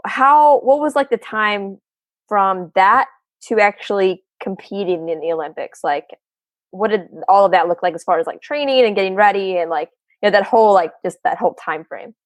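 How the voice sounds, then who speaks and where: A woman hosting a podcast interview, asking follow-up questions in a relaxed, encouraging way. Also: mid-range voice, moderate pace, no room sound. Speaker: podcast host. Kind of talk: casual interview.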